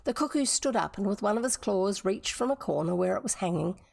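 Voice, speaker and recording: A woman's voice: mid-range voice, expressive, a little fast, creaky, a little mellow, dry recording. A woman from New Zealand reading a classic novel aloud on a livestream, with chatty explanatory asides. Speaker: storybook reader on a livestream.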